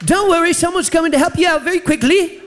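A man's voice: extremely high pitch, quick pace, fairly bright tone, some chatter behind, a little hiss or hum, pitched above the performer's own voice. A man putting on a cheerful Irish-accented helper calling from upstairs during a sermon. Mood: reassuring. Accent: Irish, put on.

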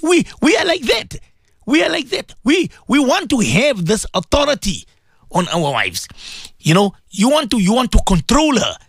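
Radio preacher, male, high voice with a gravelly edge, emphatic and repetitive, talks straight to his listeners. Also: huge pitch swings, normal speed, fairly bright tone, no room sound, clean studio sound. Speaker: religious radio presenter. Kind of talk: impassioned radio sermon.

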